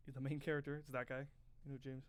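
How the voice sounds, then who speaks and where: A man's voice: medium pitch, little pitch movement, fast. A young man co-hosting a podcast, chatting casually and rambling through stories, often acting out movie quotes. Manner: rambling storyteller, acts out movie quotes loudly. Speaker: podcast co-host. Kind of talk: casual chat.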